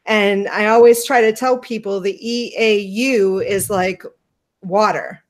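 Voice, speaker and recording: American woman hosting a q&a, slow, rambly, lots of ums. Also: mid-range voice. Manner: rambling, lots of fillers, relaxed. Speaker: host. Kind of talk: casual Q&A chat.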